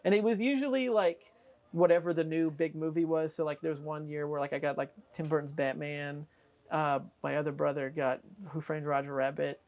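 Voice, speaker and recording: A woman's voice: sits low, fairly quick. A woman telling a long, rambling anecdote in an interview, full of "like" and acted-out quotes. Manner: rambling, lots of "like", animated quoting. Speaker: interviewee, tape collector. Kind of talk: excited anecdotal storytelling.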